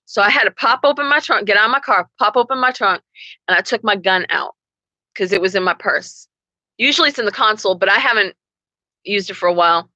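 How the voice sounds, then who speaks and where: A young adult woman telling a story to camera in a profane, animated way. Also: mid-range voice, fairly quick, no room sound, muffled recording. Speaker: vlogger. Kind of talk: casual storytelling.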